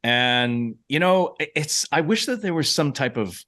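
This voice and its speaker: A man's voice: fairly high pitch, expressive, a little slow, bright, forceful tone. A man co-hosting a podcast, recapping an episode in casual chat and often stopping to restart his thoughts. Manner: chatty, stops and restarts mid-thought. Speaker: podcast co-host.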